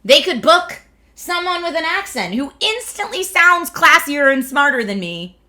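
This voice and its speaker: Her voice is high, pushed and bright, very animated yet a little slow. Originally from the Philadelphia area, she laughs often while casually reading and answering viewer comments on a stream from her California home.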